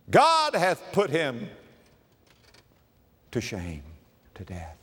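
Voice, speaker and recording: A man preaches a sermon, swinging from loud declarations to hushed, low phrases and repeating himself slowly for emphasis. The recording has a long reverb tail.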